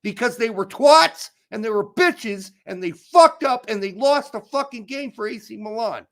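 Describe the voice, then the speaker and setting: A man's voice: extremely high pitch, lively intonation, normal speed, a bit bright. A man co-hosting a casual sports podcast, ranting with heavy profanity and sudden explosive outbursts. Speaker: podcast co-host.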